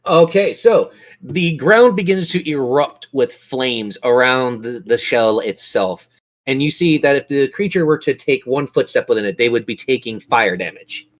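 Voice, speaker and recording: Guy running a tabletop game, easygoing, explains the rules, mid pitch. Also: lively intonation, normal speed. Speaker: game master.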